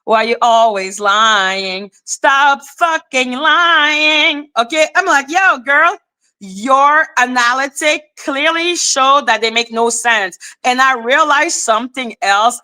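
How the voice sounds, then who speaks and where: A woman hosting a commentary livestream, ranting with heavy profanity and mockery, breaking into shouts. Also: fairly high pitch, a little slow. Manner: profane, mocking, shouts in outbursts. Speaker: commentary channel host. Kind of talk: heated livestream rant.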